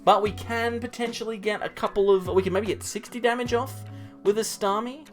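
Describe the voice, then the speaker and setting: A man's voice: sits high, fairly even intonation, fairly quick, soft background music. A man hosting his channel, giving chatty, self-mocking live commentary on a card game match and talking to his opponent. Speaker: channel host.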